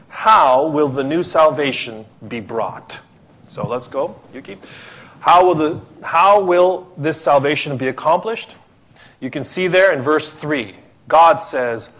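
A man from the Philippines delivers a sermon. He preaches at an unhurried pace with a somewhat raised pitch, stressing his points and putting questions to the congregation. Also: lively intonation, fairly bright tone. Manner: emphatic, asks rhetorical questions. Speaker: pastor.

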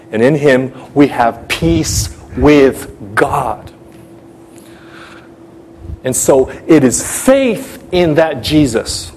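A man's voice: medium pitch, darkish tone, a little hiss or hum. A man preaching an urgent sermon, speaking straight to his listeners and telling a personal story with a lot of drama.

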